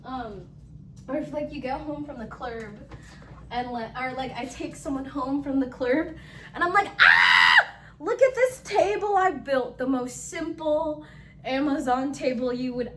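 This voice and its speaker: Speaking at a moderate pace in a high voice, a young woman chats casually in a home room while assembling furniture, with background noise audible. It's a giddy, rambling storytime vlog packed with fillers and squeals.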